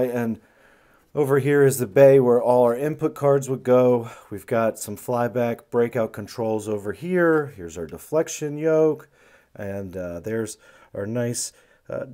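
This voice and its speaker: Regular-pitched guy walking you through a repair, laid back, lots of uh and um. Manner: relaxed, explanatory, with frequent fillers and restarts. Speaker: retro electronics repair host. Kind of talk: casual hands-on repair walkthrough.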